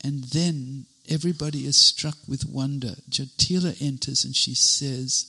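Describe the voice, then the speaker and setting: A man retelling a devotional story in an animated way, linking events with many "and then"s. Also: mid-range voice, a little slow, vocal fry, few pauses, slightly rough, poor audio.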